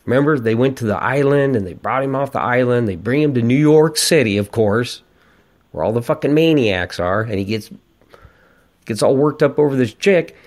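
A man's voice: medium pitch, expressive, normal speed, a little mellow. A man in his forties hosting a podcast, ranting and telling stories in a casual, profane monologue. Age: 40s. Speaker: podcast host.

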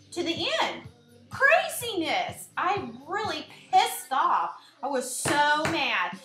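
A woman giving a blunt, animated casual rant to the camera as a vlogger. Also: a little high, echoey room.

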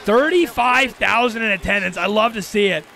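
High, gravelly, exasperated gaming commentator. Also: male voice, moderate pace, sharp tone. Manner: exasperated, talks to himself and viewers with bursts of frustration. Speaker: gaming channel host. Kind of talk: live gameplay commentary.

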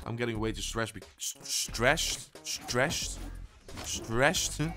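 A young man giving gameplay commentary as a channel host, excitable and swearing constantly as he yells at opponents. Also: medium pitch, moderate pace, soft background music.

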